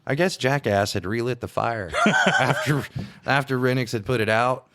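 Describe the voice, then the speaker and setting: A man's voice: medium pitch, normal speed, a bit bright, no room sound, studio quality. A man, co-hosting a podcast and telling rambling, profane stories of police work with plenty of laughs. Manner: rambling, profane, laughing, mimics others' voices. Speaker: podcast co-host, small-town police officer. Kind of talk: casual storytelling chat.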